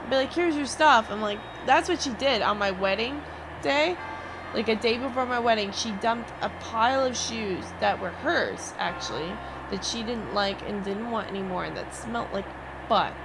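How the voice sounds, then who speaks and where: A woman's voice: mid-range voice, normal speed. A young woman streamer venting to her viewers in a rambling, swearing rant. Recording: noisy background.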